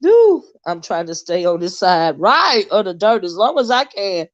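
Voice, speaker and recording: A woman hosting a YouTube commentary show, ranting in a blunt, loud, heavily profane way. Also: medium pitch, very animated, normal speed. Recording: dull lo-fi sound.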